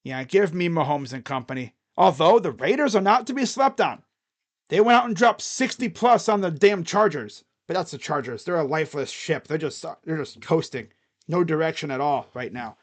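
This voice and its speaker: A man hosting a football picks video, talking casually and excitably and thinking out loud. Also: a little high, normal speed. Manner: rambling, excitable, thinks aloud. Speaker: sports picks channel host.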